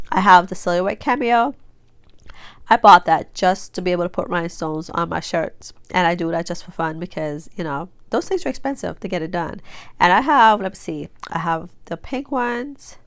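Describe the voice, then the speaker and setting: A woman's voice: mid-range voice, smooth, dry recording. A woman in her forties chatting casually and rambling as she crafts, with a stuffy, blocked nose. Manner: chatty, rambling, many fillers and restarts. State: stuffy nose after sneezing. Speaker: craft vlogger. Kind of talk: casual tutorial chat while crafting.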